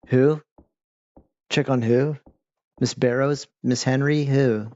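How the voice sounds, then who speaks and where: A man's voice: mid-range voice, steady tone, slow pace, creaky, long pauses, a little mellow, no room sound. A man casually commenting while he plays a video game, chatty and distracted, talking back to the characters. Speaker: gaming streamer. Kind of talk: casual let's-play commentary. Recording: dull lo-fi mic.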